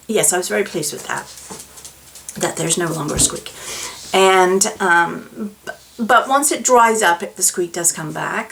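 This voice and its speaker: A woman's voice: medium pitch, slight background noise, low-quality recording. A woman chatting casually as a knitting vlogger, rambling with many fillers and asides. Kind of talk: casual chat to camera.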